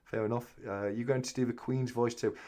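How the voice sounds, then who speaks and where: A man's voice: mid-range voice, steady tone, a little fast, mellow. A man hosting a casual live-stream chat, chatting away as he reads viewer comments aloud and answers them.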